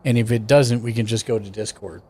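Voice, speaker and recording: A man's voice: lowish voice, fairly even intonation, fairly quick, a little mellow, breathy edge. A man hosting a casual gaming stream, chatting and greeting viewers by name. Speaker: streamer host.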